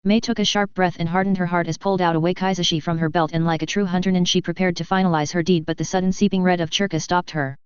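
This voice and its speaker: A reader narrating a first-person fan fiction story aloud in a brisk, even storytelling read. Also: medium pitch, clear, resonant tone, no echo. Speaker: audiobook reader. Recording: dull lo-fi recording.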